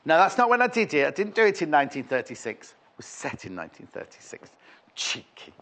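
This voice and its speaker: A man's voice: on the high side, huge pitch swings, quick pace, fairly bright tone. A man presenting fabric on a live shopping channel, chatting in a rambling, playful way between prices. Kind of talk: live TV sales chat. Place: TV studio.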